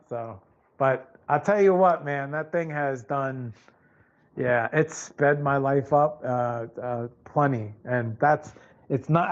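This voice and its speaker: A man's voice: fairly high pitch, highs cut off. A man hosting a casual podcast, telling a rambling, profanity-laced story full of restarts and fillers.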